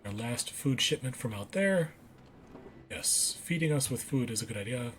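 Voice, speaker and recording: A man's voice: medium pitch, expressive, normal speed, fairly bright tone, slight background noise. Man reading game text aloud. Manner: reads on-screen text aloud, corrects himself. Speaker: let's play gamer. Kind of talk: casual gameplay commentary.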